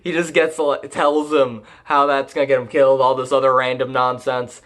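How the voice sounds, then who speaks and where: A man's voice: medium pitch, level tone, moderate pace, fairly bright tone. Crude, rambling young male reviewer. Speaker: anime reviewer. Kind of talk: casual profane recap.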